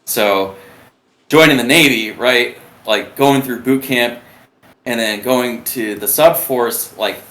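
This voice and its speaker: A man's voice: medium pitch, slow pace, fairly bright tone. A young man in his twenties, a submariner, telling his story as an interview guest in a rambling way, full of fillers and restarts. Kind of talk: casual conversational storytelling. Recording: roomy echo, faint background noise.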